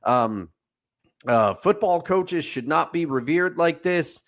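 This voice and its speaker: He speaks slowly in a slightly high, animated voice. As co-host of a casual sports podcast, the man takes firm positions and picks topics apart piece by piece, building his lists on a refrain he keeps repeating.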